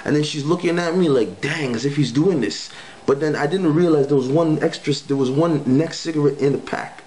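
A man's voice: on the high side, fairly quick, darkish tone, a little hiss or hum, rough recording. A young man casually telling a spiritual testimony story in slangy speech, acting out the quoted lines. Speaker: guest giving testimony.

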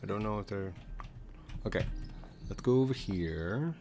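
A man streaming a building game, rambling to himself as he builds and greeting viewers in a high squeal. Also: expressive, measured pace, dark tone. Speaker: gaming streamer. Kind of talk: casual gameplay chat. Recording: clear background music under voice. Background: background music.

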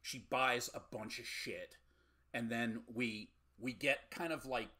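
A man co-hosts a casual podcast and rambles through a movie recap with dry jokes. His voice is husky, with a bright edge. He pads his lines with plenty of fillers. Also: mid-range voice, takes it slowly. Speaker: podcast co-host.

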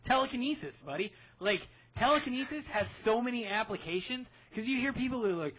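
A man hosting a casual podcast, talking in an excitable, rambling way with quick laughs. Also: very high voice, breathy edge. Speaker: podcast host. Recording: dull lo-fi podcast audio.

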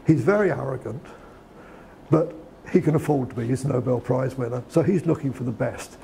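A man delivers a lecture in a relaxed, conversational way, often restarting his sentences. His voice is gravelly and mellow, with a faint hiss of noise underneath. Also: medium pitch, fairly quick. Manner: conversational with frequent restarts and fillers. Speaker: guest lecturer. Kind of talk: lecture on preparing a CV.

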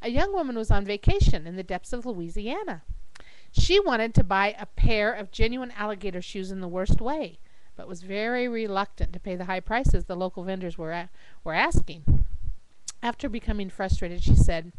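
A woman reading jokes aloud to a webcam at home in a lively storytelling voice, jumping up high for the silly characters. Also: moderate pace, dry recording, poor audio. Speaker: joke teller. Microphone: webcam microphone.

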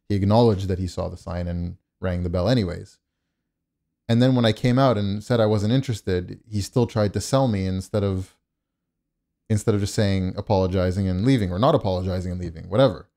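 A man with a lowish, warm, mellow voice tells a story in a loose, rambling monologue. He sounds indignant, circling back with rhetorical questions. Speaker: host.

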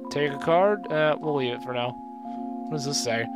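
Excitable swearing gamer guy, game music behind. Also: fairly high pitch, moderate pace. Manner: excitable, swears often, reads game text aloud. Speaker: let's play gamer. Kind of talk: casual gameplay commentary.

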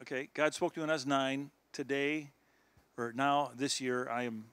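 A sixty-year-old guest speaker gives a church youth group an earnest, exhorting sermon, chuckling between points. His mid-range voice is clear, resonant, and fairly bright, with fairly even intonation at a moderate pace, in a dry recording.

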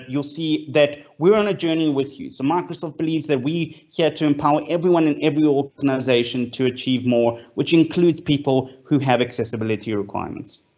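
Over lo-fi video-call audio, a South African man appears as a guest in a fireside chat. His voice runs a little high and darkish in tone, and his enthusiastic speech is peppered with fillers and restarts.

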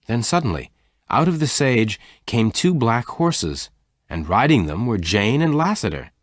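A man narrating a graded story for language learners in a slow, plain reading. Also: mid-range voice, sing-song, no room sound, studio quality.

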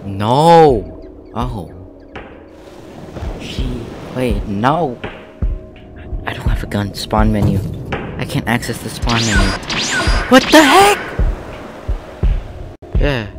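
Slow-talking excitable male gamer. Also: fairly low pitch, over music. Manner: excitable, blurting reactions. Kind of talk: let's play commentary.

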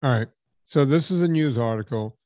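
A man's voice: mid-range voice, brisk, dark tone, dry recording, studio quality. A middle-aged man hosting a podcast in casual chat, thinking aloud with restarts and fillers. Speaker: podcast host.

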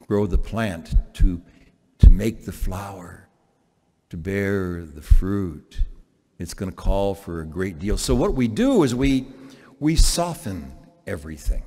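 Male priest preaching a homily, very lively pitch, stop-start delivery, long chapel reverb. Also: slow pace. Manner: animated preaching with many restarts.

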